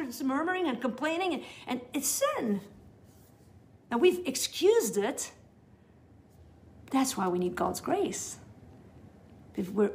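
A middle-aged woman giving a teaching session to new believers, talking in an earnest, conversational way with frequent restarts. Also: sits high. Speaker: Bible teacher.

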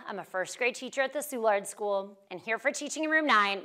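Woman, first-grade teacher, phonics lesson for small children, encouraging, slightly high clear ringing voice. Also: lively intonation. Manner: warm, encouraging, slow and clear teacher talk to young children.

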